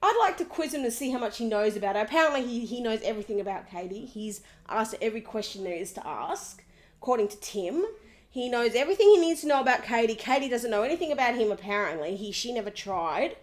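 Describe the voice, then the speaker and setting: High-voiced woman giving a gossipy TV recap. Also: fast. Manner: animated and sarcastic, often mimicking the people she discusses. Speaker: reality TV recap commentator.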